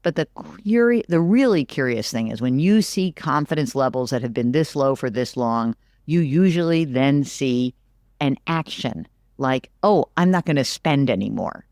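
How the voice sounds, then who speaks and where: A middle-aged woman, a business analyst, talking through the economy in an animated, emphatic way as an interview guest, often repeating words for stress. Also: extremely low pitch, a little slow, no echo, clean studio sound. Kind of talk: conversational interview.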